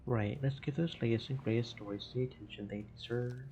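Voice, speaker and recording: A man voicing a cocky young gentleman with metal limbs, the player character in a game. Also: medium pitch, steady tone, a little fast, highs cut off, lightly acted.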